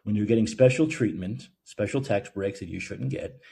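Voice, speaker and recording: A man's voice: fairly low pitch, normal speed, gravelly, mellow, slight background noise. A man hosting a call-in show, ranting heatedly and sneering, with a lot of profanity. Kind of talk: opinion rant.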